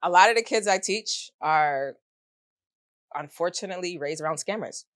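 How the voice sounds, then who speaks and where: Animated storytelling woman, dry close sound. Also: lowish voice, normal speed, dry recording. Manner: animated storyteller, slangy and expressive. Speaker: guest, middle school math teacher. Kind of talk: casual interview conversation.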